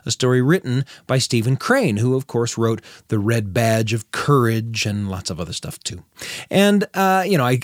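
A man's voice: mid-range voice, no echo. A man hosting a storytelling show, reflecting casually on the story just heard. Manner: chatty, with restarts. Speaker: host.

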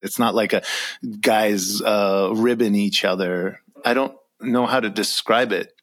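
A young adult man with an American accent, reflecting earnestly in an interview with an occasional soft laugh. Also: fairly low pitch, fairly even intonation, unhurried. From Iran. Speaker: author and guest.

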